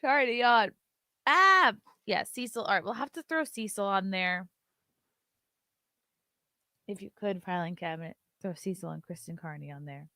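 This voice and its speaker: A woman's voice: lowish voice, normal speed, creaky, pauses often, a bit bright, dry recording, clean studio sound. A woman hosting a live-stream show, chatting loosely, reading viewer messages aloud and swearing casually.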